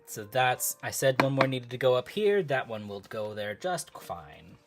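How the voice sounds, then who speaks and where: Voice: medium pitch, expressive, unhurried. A chatty live-stream host with a mid-range voice, talking to viewers while doing a craft project at home. The speaker drifts between thoughts and breaks into frequent laughs. Faint noise sits under the voice. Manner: chatty and easily sidetracked, laughing often; talks to live chat. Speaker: livestream host.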